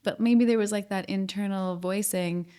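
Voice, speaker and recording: A woman hosts a relaxed interview podcast. She keeps her guest talking with brief questions, quick encouraging remarks and easy laughs. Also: mid-range voice, clear, resonant tone. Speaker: podcast host.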